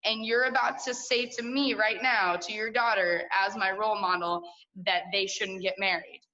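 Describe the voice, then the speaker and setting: Young woman, bright tone, candid and profane storytelling, lo-fi video call audio. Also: mid-range voice, fairly even intonation, normal speed. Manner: candid and profane, full of likes and asides. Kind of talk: personal story at a story slam.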